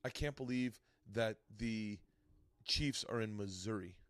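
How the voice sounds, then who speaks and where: A man's voice: lowish voice, unhurried, clean tone, no room sound, clean studio sound. A man hosting a podcast, telling stories in casual chat, swearing often and acting out quotes. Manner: animated storytelling, swears often, acts out quotes. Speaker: podcast host.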